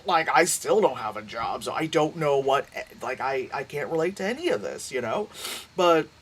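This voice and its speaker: Brief: foul-mouthed vlog reviewer, mid pitch, very animated swings, rambles and restarts constantly. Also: normal speed, far from the mic, slight background noise. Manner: profane, rambling, lots of fillers and restarts. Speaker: movie reviewer. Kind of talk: casual rambling movie review rant.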